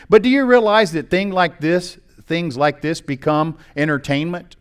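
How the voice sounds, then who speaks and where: A man's voice: fairly high pitch, moderate pace, few pauses, clear, resonant tone. A middle-aged American man, a pastor, preaching a sermon, reading scripture aloud and commenting on it in a conversational way.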